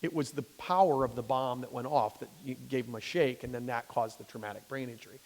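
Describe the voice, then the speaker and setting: In a church hall with long reverb, a man who is a physician gives a public talk to laypeople. He speaks briskly at medium pitch with a slightly mellow voice, keeping it conversational, often restarting sentences and checking in with "okay?".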